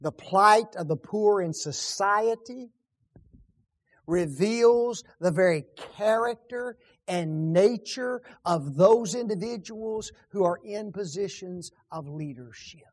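A high-pitched male preacher delivering a slow, deliberate sermon. He leans on rhetorical questions and repeated key words, then falls to hushed, almost whispered endings. His delivery is emphatic and theatrical. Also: expressive. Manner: rhetorical questions, dramatic drops to hushed tones. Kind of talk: sermon on a psalm.

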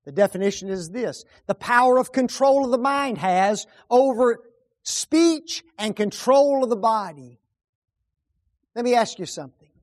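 Preaching to his congregation, a man alternates between forceful, loud high points and quiet, low-voiced asides, throwing rhetorical questions at his listeners along the way.

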